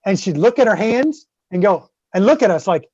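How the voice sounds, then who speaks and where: A man with a Southern US accent, swearing freely as he tells an animated story in casual podcast chat. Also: high voice, a little fast, breathy edge, dry recording. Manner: profane, animated storyteller with many "right?" tags. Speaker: guest co-host. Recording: slightly dull lo-fi dry sound.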